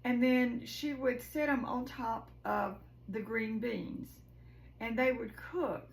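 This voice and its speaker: Gravelly woman in an echoey kitchen. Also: fairly high pitch, steady tone, slow, a little hiss or hum. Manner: homey and chatty, says "y'all". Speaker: cooking vlogger. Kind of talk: casual cooking chat. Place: home kitchen.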